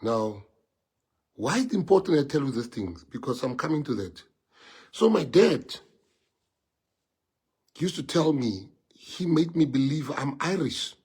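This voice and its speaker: A middle-aged man with a South African accent and a husky, slightly rough voice at a middle pitch. He talks to followers on a livestream, telling personal stories in short bursts that move between lively and low. The sound comes through a phone or computer mic. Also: unhurried, pauses often. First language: Afrikaans. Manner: anecdotal, speaks in short bursts with loudness swinging from lively to low. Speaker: party leader. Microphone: phone or computer mic on a social media livestream.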